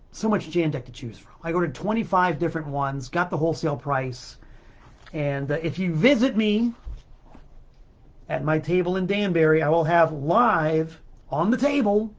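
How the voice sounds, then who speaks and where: A man hosts his own show in a slow, rambling monologue, his voice a touch high and his throat a little choked up. He drifts from aside to aside in a chatty way. The recording sounds dull and lo-fi. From South Florida. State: a bit choked up, clearing throat. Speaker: podcast host and record seller. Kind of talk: casual solo monologue.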